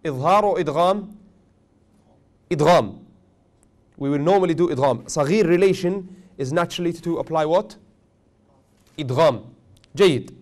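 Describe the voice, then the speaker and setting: A man teaching a tajweed class, questioning his students often and joking gently. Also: a little high, fast talker, pauses often. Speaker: Quran recitation teacher.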